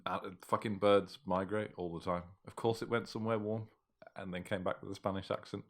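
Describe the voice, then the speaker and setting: A man co-hosting a comedy podcast, throwing in quick wisecracks and laughing a lot in casual banter. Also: lowish voice, steady tone. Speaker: podcast co-host.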